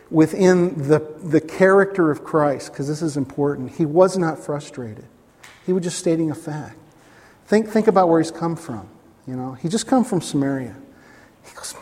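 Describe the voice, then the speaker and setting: A man preaches a sermon in a slightly high voice. He tells stories with lots of animation, acts out the voices of the people in them, and jumps up to excited peaks. A long reverb trails behind him, as if he were in a large sanctuary. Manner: animated storytelling, acting out voices and rising to excited highs. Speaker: pastor.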